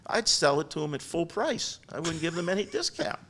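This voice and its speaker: Older man, guest, animated storyteller, frequent restarts, podcast interview. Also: fairly high pitch, a little fast. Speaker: guest business founder. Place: podcast studio.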